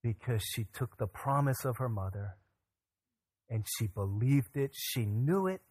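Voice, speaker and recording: A man's voice: medium pitch, unhurried, a little mellow, husky, dry recording. A man preaching a sermon as pastor, earnest, his voice rising and falling for emphasis.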